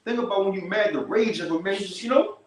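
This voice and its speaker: A man teaching scripture in a casual, slangy way, slowing down to read verses with emphasis. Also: high voice, echoey room, low-quality recording. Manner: slow, emphatic scripture reading.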